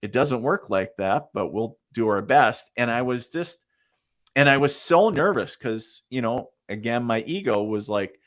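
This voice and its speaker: Unhurried and mid-range, a man recounts stories during an interview about his work as a psychic medium. He keeps it casual and animated, acting out quotes and laughing a lot.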